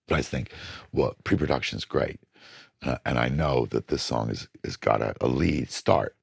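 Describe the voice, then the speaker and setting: An older man with a very deep, raspy, gravelly voice tells studio stories with lively swings in pitch. He sounds husky and worn. The recording is dry and close. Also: dry recording. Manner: animated storytelling, acts out studio voices. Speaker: record producer. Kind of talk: casual interview talk.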